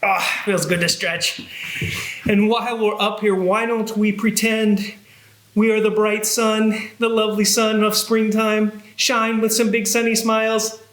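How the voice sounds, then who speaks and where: A man's voice: high-pitched, level tone, a little slow, a bit bright, roomy sound. A man who is a children's librarian, leading a cheerful sing-song music and movement session for young kids.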